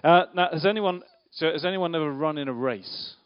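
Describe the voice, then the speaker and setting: A preacher gives an interactive children's talk at church, playfully quizzing the audience and directing a volunteer. His voice is a little high, smooth, and a bit fast, captured in a dull, lo-fi recording.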